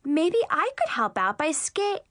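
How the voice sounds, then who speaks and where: A woman narrator puts on the voice of a snobby teenage girl, gushing in a high, sugary, drawn-out tone full of fake sweetness and big pitch swings. The heavily acted delivery is a bit bright, recorded close and completely dry with no room sound at all.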